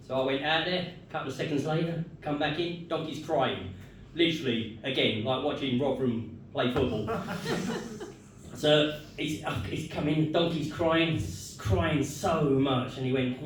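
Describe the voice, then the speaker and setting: A man doing a stand-up comedy set, telling jokes in a deadpan storytelling way and chuckling at his own punchlines. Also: a little high, normal speed, a little hiss or hum. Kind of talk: stand-up set with crowd work. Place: comedy club stage. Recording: echoey club room, mic far off.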